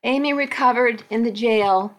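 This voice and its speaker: A woman volunteer reading a romance novel aloud for a radio program, in a slow, measured way. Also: on the high side. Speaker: volunteer reader.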